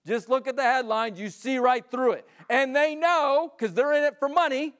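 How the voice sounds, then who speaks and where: A man with a notably high voice delivers a sermon to his church. His preaching is loose and chatty, and he slips into character voices to act out the stories he tells. He sounds like a pastor talking straight to his congregation. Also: moderate pace, a bit bright, smooth. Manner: conversational preaching, acts out quoted voices.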